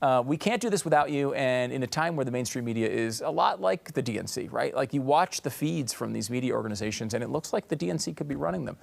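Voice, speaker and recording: A man's voice: mid-range voice, animated, fast talker, creaky, hardly any pauses. A male host giving wry live panel commentary and wrapping up the show with promos. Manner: wry and talkative, wraps up with promos.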